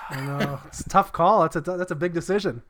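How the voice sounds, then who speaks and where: A man's voice: high-pitched, brisk, a bit bright, slight background noise. A man co-hosting a casual podcast chat, dropping short joking remarks. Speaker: podcast co-host.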